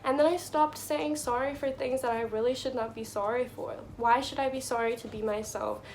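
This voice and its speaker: A woman's voice: fairly high pitch, fairly even intonation, brisk, slight background noise. A young woman giving casual life advice to her viewers, chatty and full of "like" and "you know".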